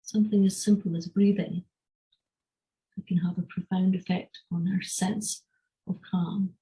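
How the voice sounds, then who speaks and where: A woman teaching a live online class, calmly explaining and guiding a breathing exercise. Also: lowish voice, low-quality recording. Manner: calm, measured explanation. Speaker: energy health teacher. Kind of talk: online lecture with guided breathing.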